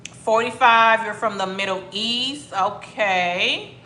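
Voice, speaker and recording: A woman's voice: mid-range voice, slow, pushed and bright, slight background noise. A woman from Miami casually chatting with viewers on a livestream, greeting them by name and drawing out her words. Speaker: livestream host. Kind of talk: casual livestream chat reading comments. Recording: echoey room.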